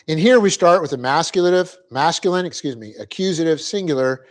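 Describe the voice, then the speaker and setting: Middle-aged man teaching a Bible class. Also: a little high. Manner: explanatory, often checking in with "okay?"; light-hearted, quick to laugh at himself. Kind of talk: classroom lecture on Greek grammar. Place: church classroom.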